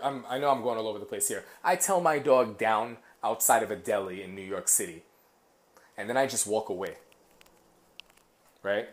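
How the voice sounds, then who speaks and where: A man, a dog trainer, explaining training casually in a rambling way, with lots of restarts, while moving around his apartment. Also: mid-range voice. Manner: rambling, many fillers and restarts. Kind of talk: casual instructional talk.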